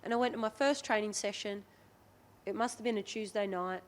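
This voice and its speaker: In a brisk, mid-range voice, an Australian rugby league player in her thirties tells candid stories as a podcast guest. She's chatty and lively, often quoting what other people said.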